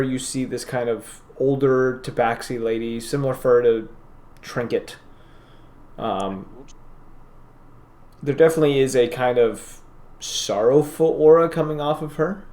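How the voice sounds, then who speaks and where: A man running a tabletop game as game master, describing scenes in a loose, casual way. His voice sits at a middle pitch and he fills pauses often with ums and "kinda". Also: darkish tone. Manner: casual, many fillers and hedges.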